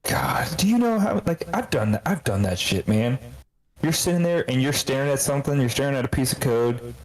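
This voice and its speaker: A man's voice: mid-range voice, lively intonation, fairly quick, rough recording. A man co-hosting a podcast, telling a long profane story in casual chat. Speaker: podcast co-host.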